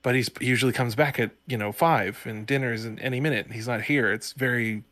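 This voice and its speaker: A man's voice: medium pitch, fast, fairly bright tone, no echo. Male podcast co-host, loose rambling storyteller, casual and chatty. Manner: rambling, full of "like" and "you know" fillers. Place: home studio.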